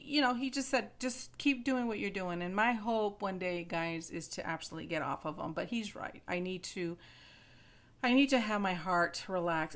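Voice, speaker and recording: A woman's voice: mid-range voice, fairly bright tone. A woman in her fifties chatting casually to her viewers, retelling a doctor visit and often repeating her words. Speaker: vlogger. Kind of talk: casual chat to camera.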